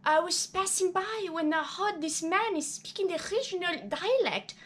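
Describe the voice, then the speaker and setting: A woman's voice: extremely high pitch, moderate pace, fairly bright tone, pitched above the performer's own voice. A woman voicing a woman who fakes a French accent to bluff her way through, with playful, earnest pretense. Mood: coaxing. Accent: put-on French. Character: woman faking a French accent, scheming and bold.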